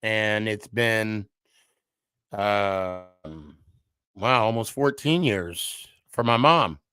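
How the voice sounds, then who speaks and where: A middle-aged man hosting a podcast, speaking in a halting, heartfelt personal monologue with frequent restarts. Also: on the low side, pushed and bright. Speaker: podcast host.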